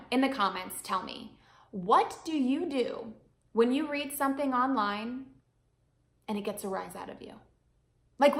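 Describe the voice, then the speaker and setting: A woman's voice: fairly high pitch, a bit bright, echoey room. A woman giving upbeat, emphatic, chatty advice straight to camera in a vlog as a media coach.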